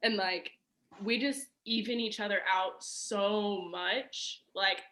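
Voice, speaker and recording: A young woman appears as a podcast guest and shares a personal story in a slow, mid-range voice with fairly even intonation and a bright, forceful tone. She's chatty and casual, laughing often and leaning heavily on fillers, especially "like."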